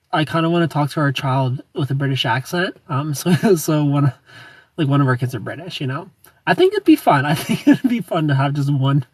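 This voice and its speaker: A young man hosts a livestream, reading out comments and greeting viewers by name between bursts of giggling. His voice sits a little high and sounds slightly husky. The sound is dry, with the mic set a short way off. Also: no echo, distant mic. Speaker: livestream host.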